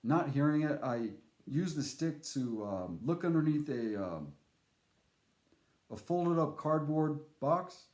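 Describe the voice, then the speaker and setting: Man, casual storyteller, slightly high voice, rambling with fillers, reverberant room. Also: slow. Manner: animated, rambling with fillers and restarts. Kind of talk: casual spoken anecdote. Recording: echoey room.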